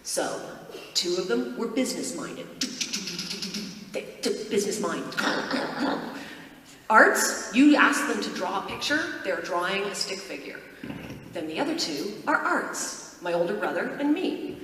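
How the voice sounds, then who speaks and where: A woman's voice: medium pitch, very animated, measured pace, pauses often, fairly bright tone, slight background noise. A woman on a convention panel, teasing the audience with playful, auctioneer-like banter. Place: large convention hall. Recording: echoey hall from far off with crowd.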